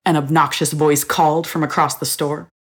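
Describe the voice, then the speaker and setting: Female narrator for audio fiction, low register, steady expressive reading. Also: normal speed, slightly rough. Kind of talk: scripted story narration.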